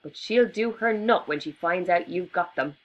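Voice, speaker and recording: A woman's voice: lowish voice, normal speed, muffled recording, natural voice. Storybook hippo, cheeky and matter-of-fact, as a woman narrator puts it on. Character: cheeky know-it-all hippo.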